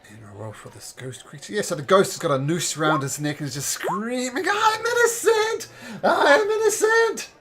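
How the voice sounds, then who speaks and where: A man narrating a tabletop game as game master, halting with fillers and restarts. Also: a little high, animated, background noise.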